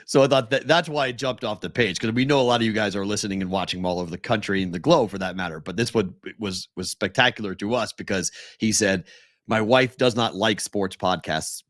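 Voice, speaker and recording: Male co-host with a lowish voice, playful banter, dry close-miked studio sound. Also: no echo. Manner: bantering, enthusiastic, talks in quick bursts. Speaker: sports betting podcast co-host. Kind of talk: casual podcast chat.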